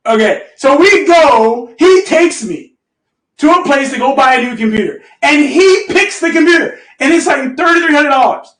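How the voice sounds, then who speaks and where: Telling a laid-back story to his community, a host speaks at an ordinary pace in a very high voice, cursing freely, laughing often and repeatedly checking in with "okay?". He sounds animated, and the far-off mic leaves his voice echoing through the room.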